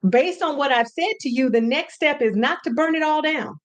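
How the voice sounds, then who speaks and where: A woman hosting a casual teaching talk from home, animated and repeating words for emphasis. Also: sits high, moderate pace. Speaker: podcast host and brand coach.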